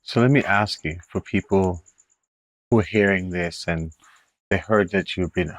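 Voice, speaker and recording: A man hosting a faith-based interview, affirming his guest and asking gently probing questions. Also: low voice, a little slow, no room sound.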